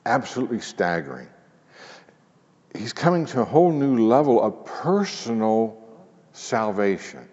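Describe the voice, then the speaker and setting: A man preaches with a low voice in an earnest, conversational way, often dropping to a near hush to press a point. The sound is muffled and carries a long reverb, as if recorded in a large hall. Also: big pitch swings, a little slow, long pauses. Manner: earnest, conversational preaching with sudden hushed emphasis. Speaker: pastor. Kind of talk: sermon.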